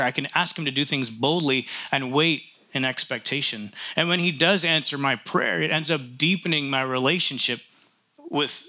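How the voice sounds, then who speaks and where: A male pastor delivers a sermon in an easy, conversational manner, tossing in light jokes. His voice is middle in pitch with a very bright, sharp edge, and he often restarts his sentences.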